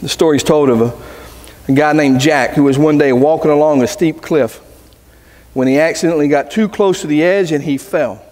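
A man's voice: on the high side, a little fast, a little mellow, long reverb tail. A man preaching as a pastor, earnest, telling a story with voices. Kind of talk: sermon. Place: church sanctuary.

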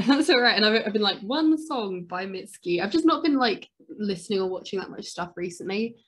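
A woman's voice: mid-range voice, brisk, husky. Chatty woman podcast host. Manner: rambling, many fillers and self-corrections; excitable, gasps and exclaims. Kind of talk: casual chat.

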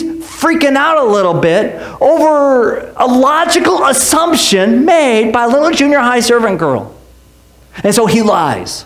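A male pastor preaching a sermon in a church, animated and joking, with sarcastic asides. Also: very high voice, unhurried, echoey room.

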